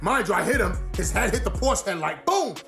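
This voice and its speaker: A woman's voice: medium pitch, expressive, fairly quick, vocal fry, a bit bright. A woman doing a brash comic storytelling skit full of street slang. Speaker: comedian. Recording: echoey room with music underneath.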